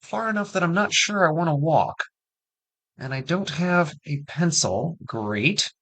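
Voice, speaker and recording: A man's voice: a little high, lively intonation, a little slow, fairly bright tone, low-quality recording. A man giving casual, chatty commentary on his own gameplay, talking straight to his viewers with jokey asides. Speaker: gaming streamer. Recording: music playing behind.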